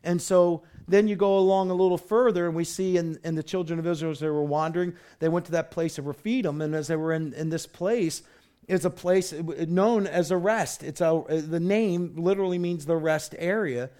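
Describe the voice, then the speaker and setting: A man's voice: sits high, moderate pace, darkish tone. A man preaching a sermon in a conversational way, full of rhetorical questions, restarts and "you know". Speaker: pastor.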